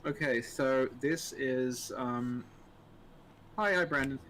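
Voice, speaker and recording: A man's voice: medium pitch, slow pace, fairly bright tone, a little hiss or hum. A man co-hosting a casual live-stream Q&A, rambling and hesitant with dry humor, greeting viewers as he goes. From Australia.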